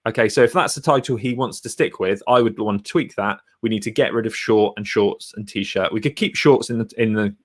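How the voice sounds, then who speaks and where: Male YouTuber, lowish pitch, blunt chatty screen-share tutorial delivery. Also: fairly quick, hardly any pauses. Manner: chatty and blunt, talks while clicking through screens. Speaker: YouTuber reviewing thumbnails.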